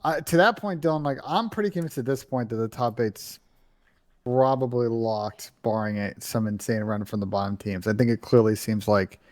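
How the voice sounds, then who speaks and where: A man in an ordinary middle range, talking through match results in a steady, analytical way. His casual podcast delivery stays even and considered, building points step by step. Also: mid-range voice. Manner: measured, analytical, stat-minded. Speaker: esports podcast co-host.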